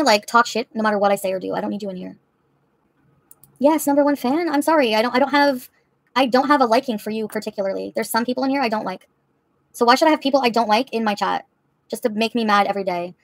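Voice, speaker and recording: A woman's voice: on the high side, no room sound. A woman livestreamer answering her chat in a heated, profane, confrontational rant.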